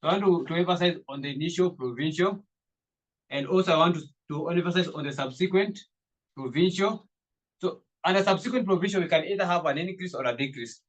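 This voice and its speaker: A man's voice: fairly high pitch, brisk, highs cut off. A man teaching accounting, repeating his points with emphasis. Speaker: accounting tutor. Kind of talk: classroom lecture.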